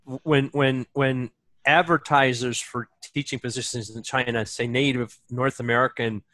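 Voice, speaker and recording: Thoughtful male seminar lead, halting restarts, dry recording. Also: medium pitch, steady tone, a bit bright, no echo. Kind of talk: casual discussion.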